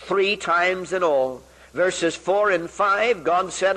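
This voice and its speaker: Preacher guy, kinda high voice, keeps asking the crowd questions and repeating himself for emphasis, slow and earnest. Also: sharp tone, poor audio. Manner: emphatic, with rhetorical questions and repetition; earnest, deliberate Bible exposition. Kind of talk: sermon.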